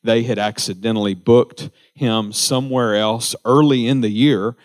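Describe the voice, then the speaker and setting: A man's voice: medium pitch, fairly even intonation, normal speed. A man, a pastor giving informal church announcements, rambling with many fillers and restarts.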